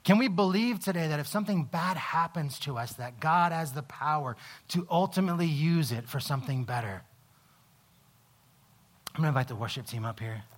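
A man preaching a sermon, telling a personal story with halting restarts, lively in the telling and quiet in reflection. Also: fairly high pitch. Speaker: pastor.

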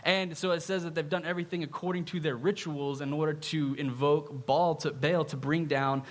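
A man's voice: on the high side, fairly even intonation, normal speed. Conversational man preaching a casual sermon. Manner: conversational, often adds a questioning "right?".

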